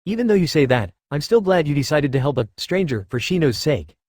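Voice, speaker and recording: A man reads out a blushing young woman in an audiobook story, her words coming softly, a little nervous, a touch higher than the narration around her. The recording is close and dry, with no room around the voice. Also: big pitch swings, fairly quick, no echo. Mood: tender. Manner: soft, nervous. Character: shy affectionate young woman, blushing girlfriend.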